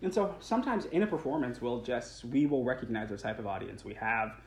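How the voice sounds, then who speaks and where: A man's voice: medium pitch, lively intonation, fairly quick, gravelly, a little mellow. A young man who works as a stage actor, chatting earnestly in an interview, rambling a little with restarts and small laughs. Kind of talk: casual interview chat. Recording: roomy sound with faint background noise.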